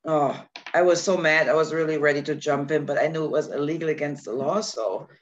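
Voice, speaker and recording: A woman chatting casually, telling a story with lots of laughter and lively acted-out quotes. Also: deep voice, fairly quick. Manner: animated storytelling, laughs often. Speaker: guest. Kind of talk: casual chat. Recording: dull lo-fi sound, faint noise.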